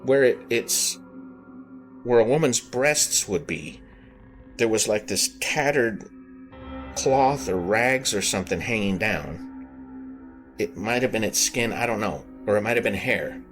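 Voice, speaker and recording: A podcast host with a fairly low, expressive voice earnestly recounts his own brush with the paranormal. He speaks haltingly, pausing, circling back, and rephrasing as he hunts for words, while clear background music plays throughout.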